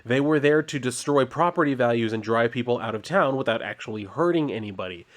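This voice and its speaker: A man's voice: mid-range voice, fast, close to an everyday voice. A man voicing a stern, accusing female police chief from a comic, read plainly.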